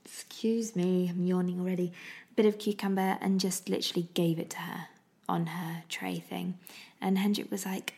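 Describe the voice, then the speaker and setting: A woman's voice: on the low side, level tone, moderate pace, gravelly, mellow. A woman in her thirties chatting casually to camera about travelling with her baby, rambling and laughing often. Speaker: parenting vlogger. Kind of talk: casual chat.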